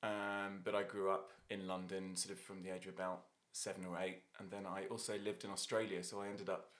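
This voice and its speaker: Bright-voiced chatty Irish-born hairdresser man. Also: deep voice, little pitch movement, a little fast. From Ireland. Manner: chatty, storytelling, frequent light laughs. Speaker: hairdresser and salon owner, podcast guest. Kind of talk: casual interview chat. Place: podcast studio.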